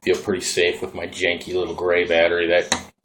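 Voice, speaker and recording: A man's voice: sits low, monotone, brisk, background noise. A man from Minnesota with a Minnesotan accent, rambling casually as he demonstrates his hobby gear in a vlog. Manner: laid-back, rambling, folksy. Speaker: vaping hobbyist vlogger. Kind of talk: casual hands-on demo.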